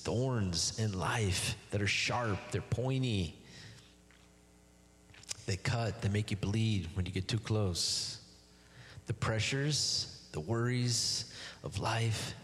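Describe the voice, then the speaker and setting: Pastor, male, lowish voice, emphatic preacher, long church-hall reverb. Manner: emphatic preaching with rhetorical questions. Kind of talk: sermon.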